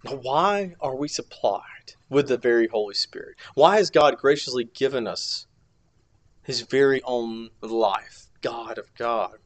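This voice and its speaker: A man preaching a sermon as an archdeacon, emphatic, swinging between loud declarations and hushed near-whispers. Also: medium pitch, lively intonation, a little slow.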